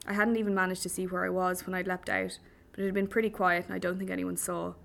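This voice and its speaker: A woman's voice: fairly low pitch, flat delivery, fast talker, vocal fry. A woman reading a first-person story with dry humour. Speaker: audiobook narrator.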